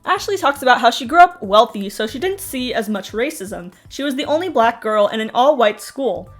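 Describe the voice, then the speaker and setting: A woman's voice: a little high, lively intonation, moderate pace, faint music behind. A young woman giving snarky, sarcastic recap commentary on a reality show, with mocking asides. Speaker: TV recap host.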